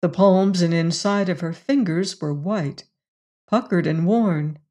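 Slow, measured woman narrator. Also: lowish voice, dark tone. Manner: measured, deliberate storytelling. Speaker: audiobook narrator. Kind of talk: scripted narration.

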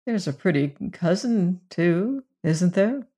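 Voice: mid-range voice, lively intonation, normal speed, voice pushed up, natural voice. An audiobook narrator voicing an irritable, snappish young male medical student in a storybook reading. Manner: snappish, sly.

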